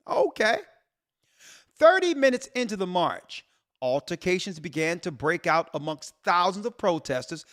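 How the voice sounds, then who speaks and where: A man, a church elder and show host, commenting on a news article with an animated preaching delivery, rhetorical questions and repeated emphasis. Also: high-pitched.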